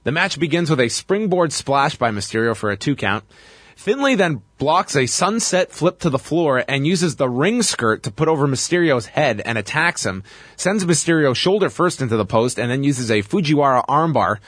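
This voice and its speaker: A man co-hosting a casual chat show, recapping wrestling matches play by play in an animated way. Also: fairly high pitch, normal speed, dry recording, studio quality. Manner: lively, animated storytelling. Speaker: podcast co-host recapping wrestling.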